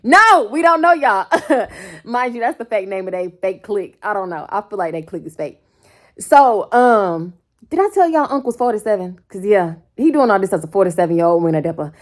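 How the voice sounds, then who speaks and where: A young woman in her twenties tells a story casually to a phone camera at home, full of slang and squealing up into quoted voices. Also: a little fast. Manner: animated, slangy, jumps into quoted voices with sudden high squeals. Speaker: storytime vlogger. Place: bedroom at home. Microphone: phone held close.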